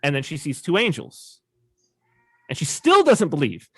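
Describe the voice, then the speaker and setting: Man, podcast guest, casual talk, acts out voices, highish voice, dry. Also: normal speed, slightly rough, no room sound. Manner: animated storyteller, acts out quoted voices. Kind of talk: casual conversation.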